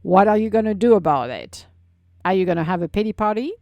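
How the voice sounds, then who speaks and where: A woman's voice: medium pitch, animated, fast, a little mellow, dry recording. Blunt woman giving a tough-love pep talk. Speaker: podcast host. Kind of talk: solo self-help talk.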